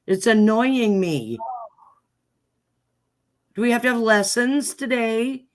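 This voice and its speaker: A woman's voice: fairly high pitch, slow pace. A woman co-hosting a casual livestream chat about a trial, ranting indignantly with sarcastic complaints. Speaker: co-host.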